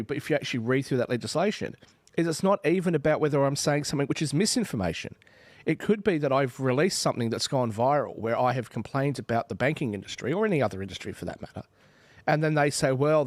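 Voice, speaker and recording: An Australian man in his forties, from Western Australia, hosts a panel discussion and argues his points with animated energy, slipping into little acted-out exchanges. He talks fast at a middle pitch, and his voice sounds dry and close to the mic. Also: dry recording. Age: 40s. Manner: animated, argumentative, acts out quoted exchanges. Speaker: podcast host.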